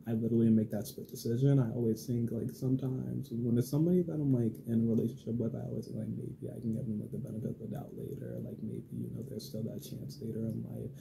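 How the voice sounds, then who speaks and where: Gravelly young man rambling through a story. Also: mid-range voice, fast talker, hardly any pauses, a little hiss or hum, poor audio. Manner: rambling, heavy use of filler and swearing, animated quoted dialogue. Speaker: vlogger. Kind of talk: casual storytelling.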